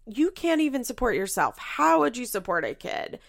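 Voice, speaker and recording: A woman voicing an angry sixty-year-old mother who yells accusations at her daughter. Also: on the high side, very animated, normal speed, gravelly, voice pushed up. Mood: yelling. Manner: yelling, accusing.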